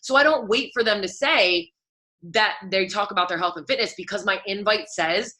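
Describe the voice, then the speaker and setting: A woman's voice: mid-range voice, moderate pace, sharp tone, poor audio. A woman fitness coach talking casually and candidly to her team, full of fillers and asides. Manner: chatty, filler-heavy, candid. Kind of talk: casual live coaching talk.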